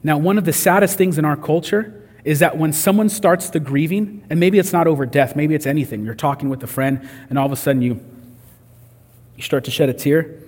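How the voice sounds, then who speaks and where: Husky-voiced man preaching in an echoing hall. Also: on the high side, brisk, darkish tone. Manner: conversational preaching, acts out quoted voices. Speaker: pastor. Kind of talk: sermon.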